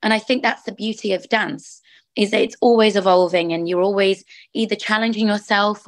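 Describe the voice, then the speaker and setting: A musical theatre actress from England, with a mid-range voice, chats enthusiastically as an interview guest in a casual conversation, often restarting her sentences. The recording is dry.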